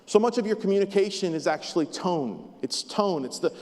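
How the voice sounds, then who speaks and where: A man's voice: high-pitched, expressive, brisk, a little mellow. A man preaching a sermon as a pastor, emphatic and repetitive with touches of light humor, heard in a church sanctuary. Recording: long hall reverb.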